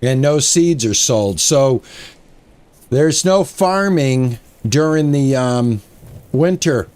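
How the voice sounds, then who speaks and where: A man talks his way through a farming game in a lively, up-and-down voice, musing aloud as he plays. He speaks slowly and unhurriedly into a headset, casual and rambling. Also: medium pitch, smooth. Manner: chatty, thinks aloud while playing. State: out of breath. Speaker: gaming streamer. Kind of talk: casual gameplay commentary.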